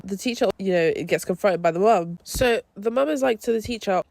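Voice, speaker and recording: A young woman hosting a podcast, reviewing a film in a casual, animated way full of slang and swearing. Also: medium pitch, a little fast, hardly any pauses, no echo. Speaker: podcast host.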